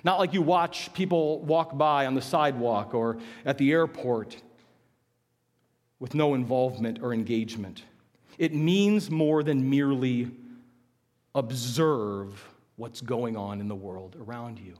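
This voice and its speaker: A man preaching a sermon as pastor, shifting from forceful emphasis to hushed words and calling for responses from the congregation. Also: medium pitch, unhurried. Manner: swings from loud emphatic preaching to hushed near-whispers. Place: church sanctuary. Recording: long hall reverb.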